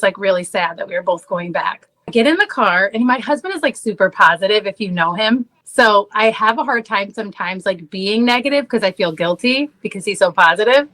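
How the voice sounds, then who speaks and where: A woman's voice: mid-range voice, fairly bright tone, rough recording. A woman in her thirties, a podcast guest, telling a story in casual conversation, saying "like" often and laughing at herself.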